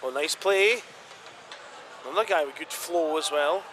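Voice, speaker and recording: British guy doing hockey play-by-play, highish voice, gets shouty on chances, noisy feed. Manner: brisk calls that jump to excited shouts at big chances. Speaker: ice hockey commentator. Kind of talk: live play-by-play commentary.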